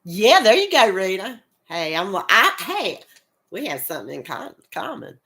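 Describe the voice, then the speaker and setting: A woman's voice: mid-range voice, huge pitch swings, moderate pace, bright, forceful tone. A middle-aged woman with a rural American accent, hosting a casual crafting live stream while fighting a cold, chatting, laughing often and greeting viewers by name. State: has a cold, coughing. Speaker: crochet channel host.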